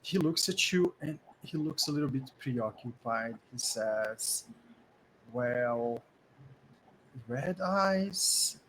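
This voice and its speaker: A man with a Portuguese-speaking background narrating as game master in a lively storytelling way. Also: medium pitch, unhurried, few pauses, slight background noise, poor audio. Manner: lively storytelling with many "like" fillers. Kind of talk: narrating a tabletop game in English.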